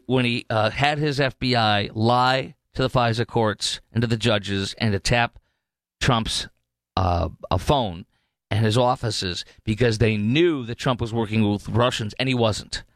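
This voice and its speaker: Rambling talk radio host. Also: male voice, medium pitch, no room sound. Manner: animated, rambling, with frequent fillers and restarts. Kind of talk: political talk monologue.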